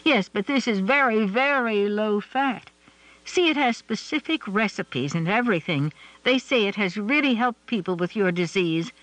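A man's voice: high voice, expressive, moderate pace, a bit bright, no echo, poor audio. Man doing a bubbly, pushy woman cousin. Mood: eager. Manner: bubbly, insistent. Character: chatty eager woman cousin, pushy helper.

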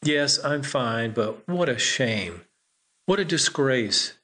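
A man voicing an elderly, proud, bilingual man who speaks in hurried, clipped phrases and is easily stirred to rage. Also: mid-range voice, expressive, pushed and bright. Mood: shaken, polite.

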